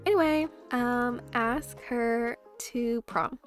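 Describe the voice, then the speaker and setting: A woman's voice: on the high side, takes it slowly, music in the background. A young woman casually commenting on her gameplay, chatty and gushing over sweet moments. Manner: chatty, gushing reactions to the game. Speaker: gameplay host.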